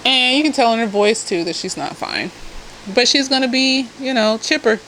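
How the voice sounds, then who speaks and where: A woman therapist reviewing a TV episode in casual chat. She is animated and blunt, swears freely and keeps drifting into asides. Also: fairly high pitch, normal speed, slight background noise, low-quality recording. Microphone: self-filmed camera.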